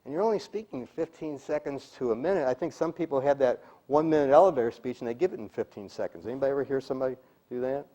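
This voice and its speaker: A middle-aged man with a mellow, warm voice coaches a room of listeners on speaking skills. He talks emphatically, stressing key words and showing each point by example. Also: medium pitch, racing, muffled recording. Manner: emphatic, demonstrates delivery, drops to a whisper for effect. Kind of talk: live seminar talk to a group.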